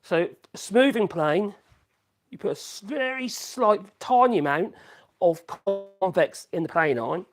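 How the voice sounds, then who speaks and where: A man's voice: high voice, expressive, a little slow, soft background music. A man chatting casually on a woodworking live stream, rambling, correcting himself and humming between thoughts. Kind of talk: casual live-stream chat while working.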